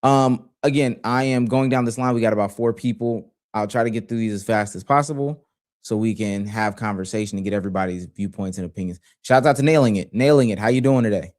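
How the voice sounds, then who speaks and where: A man hosting a casual livestream chat, reading viewer questions and taking callers in a relaxed way. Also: lowish voice, a little fast. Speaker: host.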